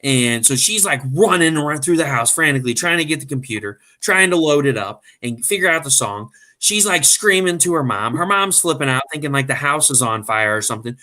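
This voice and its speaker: A man hosting an interview, telling a funny story in an animated, joking way. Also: fairly high pitch, fairly quick, few pauses. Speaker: host. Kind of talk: casual storytelling.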